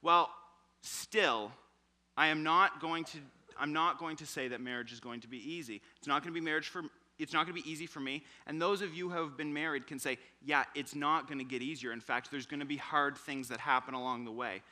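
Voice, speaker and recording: A man's voice: fairly high pitch, brisk. A young man in his twenties preaching a sermon in church, telling stories and acting out quotes with energy. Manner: animated storytelling with acted quotes.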